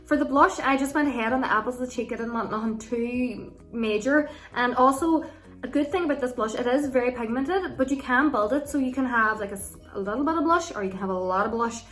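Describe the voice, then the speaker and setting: A woman's voice: on the high side, brisk, a bit bright, faint music behind. A woman giving a casual, chatty makeup tutorial, with a loose way of talking and plenty of ums and likes. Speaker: makeup vlogger.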